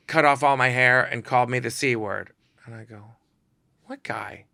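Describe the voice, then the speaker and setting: A man, a photographer guest on a podcast, telling stories in a casual, animated way and acting out quotes in shifting voices. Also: medium pitch, normal speed, gravelly, no room sound, clean studio sound. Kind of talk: casual storytelling.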